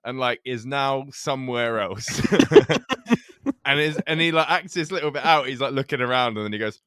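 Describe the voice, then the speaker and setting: British guy ranting on a podcast, swears loads, bright voice, dry close sound. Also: mid-range voice, moderate pace, smooth, no room sound. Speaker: podcast co-host. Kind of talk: casual chat.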